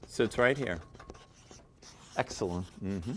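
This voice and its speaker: An enthusiastic man leads a small motivational workshop, speaking at a middle pitch. He chats easily with the group, breaks into laughter, and keeps a loose, conversational flow. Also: lively intonation, a little slow, a bit bright. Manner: enthusiastic, chatty, laughs often. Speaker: workshop leader and coach. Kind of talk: live motivational workshop talk.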